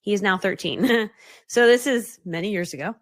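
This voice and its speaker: A woman business coach telling her story live to an online audience, fast-talking and animated, acting out voices as she goes. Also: mid-range voice, no room sound, clean studio sound. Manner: laughs often mid-story.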